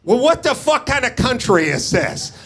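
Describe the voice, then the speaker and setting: A man's voice: extremely high pitch, big pitch swings, normal speed, fairly bright tone, faint music behind. Ranting, profane male comedy host. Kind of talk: live stand-up rant. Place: comedy club stage with live audience. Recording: live club recording, crowd faint.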